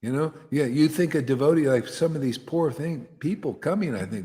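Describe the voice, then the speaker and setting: A man's voice: on the high side, animated, brisk, hardly any pauses, warm tone. Fiery blunt male preacher in a reverberant hall. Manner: blunt, fiery, slangy, often says "man". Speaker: spiritual teacher leading satsang. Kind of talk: impassioned devotional sermon.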